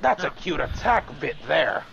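A man's voice: fairly high pitch, sing-song, normal speed, vocal fry, lo-fi sound, background noise, heavily acted. A man voicing a cocky, taunting male villain fighter in an amateur anime fan dub, mocking his opponents. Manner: mocking, gloating.

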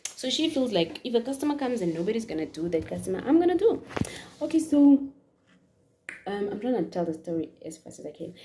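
A woman from Namibia tells a story in a casual vlog at a hair salon. She is animated and repeats words in quick strings. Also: on the low side. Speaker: YouTuber.

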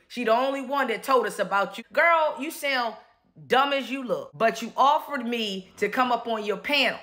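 A woman on a YouTube channel giving confrontational commentary, sassy and calling someone out, laughing in between. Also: a little high.

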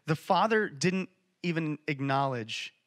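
A man's voice: fairly high pitch, animated, unhurried, fairly bright tone. A man preaching a sermon in church, telling a Bible story with passion and emphasis. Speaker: church speaker.

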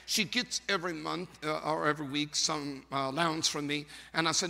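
A male pastor preaching a sermon in a storytelling way, building up to shouting. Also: a little high, fairly even intonation, a little fast, creaky, few pauses. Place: church sanctuary. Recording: long reverb of a large church.

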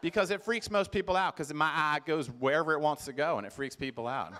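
A man's voice: on the high side, quick pace, pushed and bright, voice pushed down. A man putting on a blunt, teasing middle-aged woman with a Southern US accent.

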